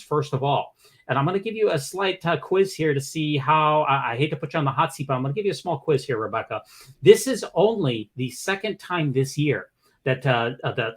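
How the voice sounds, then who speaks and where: A man's voice: medium pitch, breathy edge. A man hosting a podcast, reading news articles aloud with casual commentary, often stumbling and repeating words. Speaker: podcast host.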